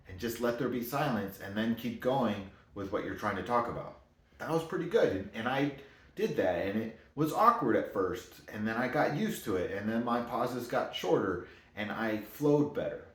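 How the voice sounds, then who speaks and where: A motivational speaker gives a casual monologue in a somewhat low voice, talking in loose, rambling sentences and correcting himself as he goes. The recording sounds like an echoey room.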